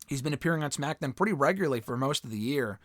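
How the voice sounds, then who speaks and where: A man's voice: medium pitch, expressive, rapid-fire, a bit bright, dry recording, studio quality. A man hosting a solo fan-question show, talking in a casual, opinionated, rambling way with restarts and the odd swear. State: losing his voice. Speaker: host answering fan questions. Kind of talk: casual solo mailbag talk.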